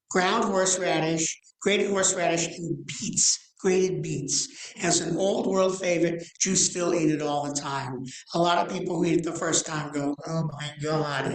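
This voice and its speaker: A man in his sixties, a guest rabbi giving a storytelling sermon, animated and slowing into drawn-out dramatic pauses. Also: sits high. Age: 60s. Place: church sanctuary. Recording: roomy church echo.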